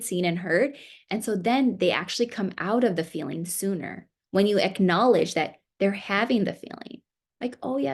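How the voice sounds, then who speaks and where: A woman family therapist giving a seminar talk to parents, conversational and coaching, with an American accent. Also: lowish voice. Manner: conversational, warm coaching with acted parent quotes.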